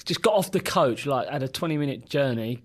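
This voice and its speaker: A man's voice: medium pitch, a little fast. A man, a podcast co-host, telling stories in casual chat, laughing and acting out quotes. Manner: animated, laughing, acts out quotes. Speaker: podcast co-host and former footballer.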